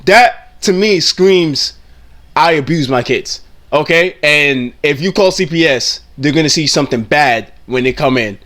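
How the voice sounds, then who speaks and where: Guy ranting blunt and annoyed about a clip, curses a lot, stumbles and restarts his sentences, voice sits a bit high. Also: a little slow, few pauses, a bit bright. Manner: blunt, indignant, swears freely; repeats and restarts phrases often. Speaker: commentator reacting to clips. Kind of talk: casual reaction commentary.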